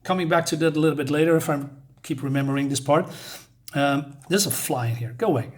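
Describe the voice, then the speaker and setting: A man's voice: on the high side, fast talker. A man casually retelling a comic book story indoors, rambling, with many fillers. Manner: rambling, many fillers, reads quotes aloud.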